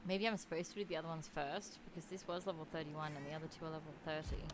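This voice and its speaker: A woman's voice: low-pitched, steady tone, fast talker, background noise. A woman chatting aloud as she streams a video game. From Australia. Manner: chatty, thinks aloud while playing. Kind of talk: casual gameplay commentary. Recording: game music loud behind voice. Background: game music.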